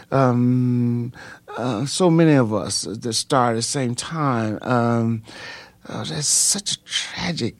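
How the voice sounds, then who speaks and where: An older man, a pastor, telling his story in an interview, halting with many ums and jumping high in pitch as he relives it. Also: a little mellow, no room sound. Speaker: pastor and singer, interview guest.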